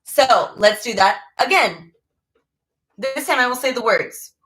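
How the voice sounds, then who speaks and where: A woman's voice: on the high side, lively intonation, a little slow, poor audio. A woman teaching a violin lesson online, who is losing her voice, patiently calling out note names and finger numbers.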